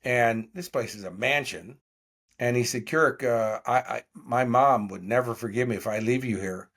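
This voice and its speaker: A man's voice: medium pitch, normal speed. A man in his sixties, a podcast guest, telling stories in an interview and acting out the dialogue of the people in them. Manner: animated storyteller acting out quoted dialogue. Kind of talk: storytelling interview.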